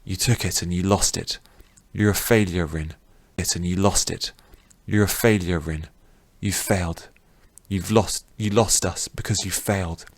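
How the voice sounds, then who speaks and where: A man voicing a dying middle-aged father who speaks weakly and quietly. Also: low voice, fairly even intonation, measured pace, few pauses, no room sound. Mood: bitter. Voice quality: weak and quiet.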